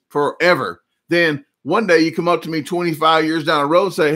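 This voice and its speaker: A man's voice: on the high side, brisk, hardly any pauses, bright, forceful tone. A man in his forties with a Southern US accent, hosting a casual live chat and telling rambling, jokey stories. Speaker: livestream host.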